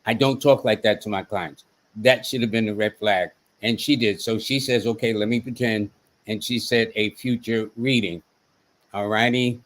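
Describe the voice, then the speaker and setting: A man's voice: fairly low pitch, steady tone, normal speed. Man hosting a live astrology stream. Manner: conversational, quotes text messages aloud, many fillers. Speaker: host and astrologer. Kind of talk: casual live-stream talk.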